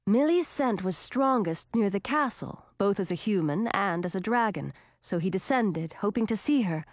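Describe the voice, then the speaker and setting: A woman reading a storybook aloud in steady, scripted narration. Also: mid-range voice, normal speed, dry recording, studio quality. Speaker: audiobook narrator.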